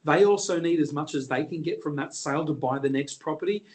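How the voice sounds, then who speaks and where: Aussie auctioneer guy, confident and jokey, kinda higher voice, tells a story fast and lively. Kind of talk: storytelling in an interview.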